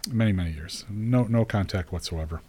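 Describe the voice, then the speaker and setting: A man's voice: on the low side, brisk, warm tone, breathy edge, rough recording. Chatty middle-aged man telling a story. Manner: chatty, rambling, laughs as he talks. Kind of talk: casual storytelling.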